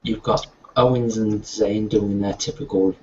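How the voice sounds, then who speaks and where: A man's voice: fairly low pitch, steady tone, a little slow. A British man co-hosting a casual wrestling chat, opinionated and long-winded, often restarting his sentences. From United Kingdom. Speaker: podcast co-host. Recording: dull lo-fi audio with faint noise.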